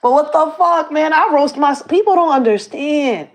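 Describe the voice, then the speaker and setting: A woman's voice: high voice, moderate pace. A woman vlogging as a community activist, ranting to the camera in blunt, profane slang. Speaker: community activist and channel host. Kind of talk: casual rant to camera.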